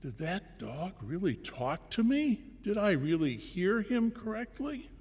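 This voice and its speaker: An earnest, puzzled pastor, as a preacher plays him in a sermon story. He pleads in a lifted voice with a gravelly edge. A long reverb from a large hall trails each line. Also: high voice, very animated, unhurried, a little mellow, voice pushed up, heavily acted.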